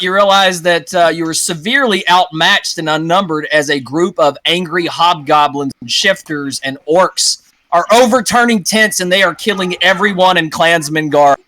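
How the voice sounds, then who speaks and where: A young man acting as game master, narrating a tabletop game in a casual, halting way. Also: fairly high pitch, bright, forceful tone, no room sound, rough recording.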